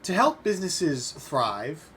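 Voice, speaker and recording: A man playing a large, shrewd male goliath businessman who speaks in a smooth, measured sales patter. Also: on the high side, sing-song, fairly bright tone, a little hiss or hum, pitched above the performer's own voice, full character voice. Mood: smooth menace.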